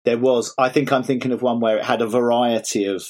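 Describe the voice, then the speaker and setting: A man's voice: mid-range voice, level tone, fairly quick, darkish tone. A man, co-hosting a podcast in a casual, wry, chatty way. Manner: chatty, wry, slips into mock voices. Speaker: podcast co-host. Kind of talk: casual chat.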